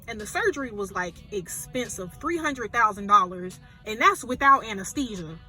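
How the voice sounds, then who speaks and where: A woman reviews a movie by retelling its plot in a lively, chatty way. Her voice is high and bright. Faint music plays underneath. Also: normal speed. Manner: animated, chatty storytelling with fillers. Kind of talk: casual retelling of a film plot.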